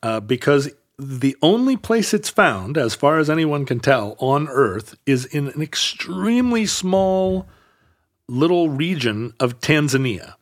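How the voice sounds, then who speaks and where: A man's voice: fairly high pitch, big pitch swings, unhurried. Man explaining things on a podcast. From United States. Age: 50s. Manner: explanatory, fact-laden, many restarts and fillers. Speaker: podcast co-host. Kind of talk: casual conversational podcast.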